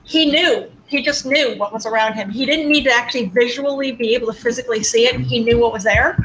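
A woman's voice: fairly high pitch, fast talker, noisy background. A woman in casual chat, talking in an enthusiastic, chatty way.

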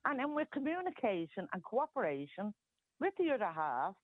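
A woman's voice: medium pitch, sing-song, moderate pace, no room sound. A woman calling a radio show, playful and bossy, heard over a phone line. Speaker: caller. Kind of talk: phone-in chat.

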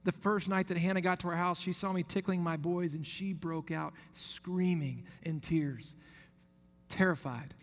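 A man's voice: sits high, steady tone, unhurried. A man, preaching a sermon and telling a personal story between scripture quotes. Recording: long reverb of a hall.

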